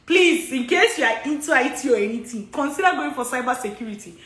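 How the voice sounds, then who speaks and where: A high-voiced woman with a Nigerian accent answers study abroad questions in a live Q&A. She is chatty and laughs often, repeating her points. The recording has a roomy echo. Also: expressive, quick pace, a bit bright, slight background noise. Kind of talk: live social media Q&A.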